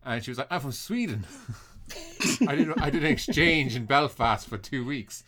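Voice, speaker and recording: A man's voice: medium pitch, moderate pace, crowd noise. Chatty man sharing an anecdote. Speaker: podcast co-host. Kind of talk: casual chat.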